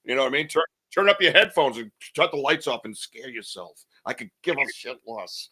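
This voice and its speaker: Male host. Bright, lively, joking, casual swearing. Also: medium pitch, fairly quick, husky. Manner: animated, joking, swears casually, laughs often. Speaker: podcast host. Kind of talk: casual chat.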